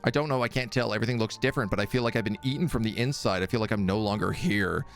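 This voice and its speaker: A man's voice: fairly low pitch, rapid-fire, creaky, soft background music. A man voicing a distraught young female ghost bride, a decayed spirit who pleads for help. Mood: pleading. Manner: pleading, distraught, then indignant.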